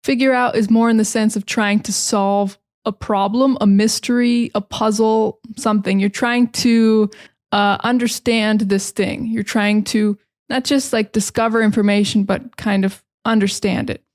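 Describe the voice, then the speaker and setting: A woman's voice: medium pitch, fairly even intonation, a little slow, darkish tone. A young American woman teaching English phrasal verbs in a chatty, casual way, explaining each one with everyday examples.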